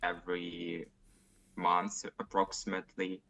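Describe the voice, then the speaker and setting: A man's voice: low voice, monotone, creaky, bright, forceful tone. A man with a Russian accent answering speaking exam questions over a video call, hesitant and full of fillers. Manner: hesitant, many fillers and pauses. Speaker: IELTS test candidate.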